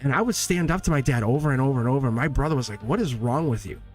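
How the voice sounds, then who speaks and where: A man's voice: mid-range voice, quick pace, a little mellow, soft background music. A man in his forties hosting a live tarot stream, talking in an emphatic, rambling way and laughing between points. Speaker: tarot reader and livestream host.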